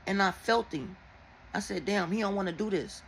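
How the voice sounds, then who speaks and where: A woman who reads tarot, telling viewers a dream in a casual, animated and heavily profane way. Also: medium pitch, normal speed, vocal fry, a little hiss or hum, low-quality recording. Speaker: tarot and oracle reader.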